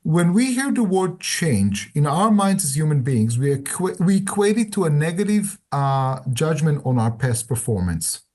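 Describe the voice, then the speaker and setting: A man's voice: a little high, normal speed, few pauses. An older man, a guest author on a video call, telling stories animatedly and acting out the dialogue. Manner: animated storyteller, acts out dialogue. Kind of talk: storytelling interview answers.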